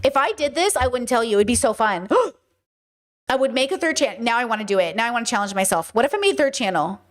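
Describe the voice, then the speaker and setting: A woman streaming live, talking casually to her viewers in an animated, sarcastic way. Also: fairly high pitch, rapid-fire. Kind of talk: casual livestream chat.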